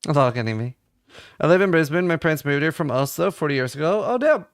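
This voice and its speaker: A man in his thirties from Norway, streaming a game and chatting loosely with his viewers. His voice is gravelly and sits a little high, and he reads their questions aloud and swears in passing. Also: expressive, quick pace. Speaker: livestreamer. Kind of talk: casual chat with viewers while gaming.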